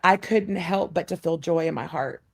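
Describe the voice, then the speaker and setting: Woman guest, 30s, lower voice, heartfelt storyteller, restarts often. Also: moderate pace, gravelly. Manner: heartfelt, many fillers and restarts, acts out voices in her story. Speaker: podcast guest. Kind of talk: personal storytelling.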